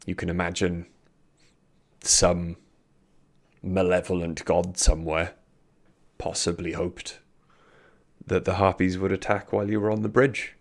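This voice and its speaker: Gravelly deep-voiced British man narrating. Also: flat delivery, measured pace, long pauses. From Britain. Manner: casual, swears, many ums and restarts. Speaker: dungeon master. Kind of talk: narrating a tabletop game.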